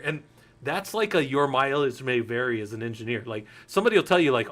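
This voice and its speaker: A man's voice: mid-range voice, lively intonation, a little fast, a bit bright. Blunt, swearing Linux instructor in his 40s. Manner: candid, swears freely, rambling anecdotes. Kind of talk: casual technical lecture.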